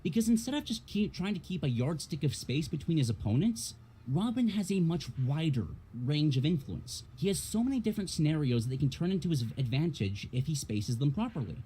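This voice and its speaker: A man's voice: fairly high pitch, big pitch swings, fairly quick, dark tone, slightly rough. A man reading a prepared game critique aloud on a stream, losing his voice, stressing key words and tripping over a few.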